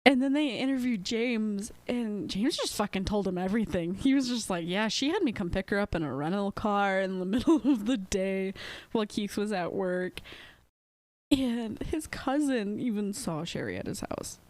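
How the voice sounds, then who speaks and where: A woman co-hosting a podcast, retelling a true-crime case in casual, profane, animated chat. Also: mid-range voice, moderate pace, no room sound. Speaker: podcast co-host telling the case.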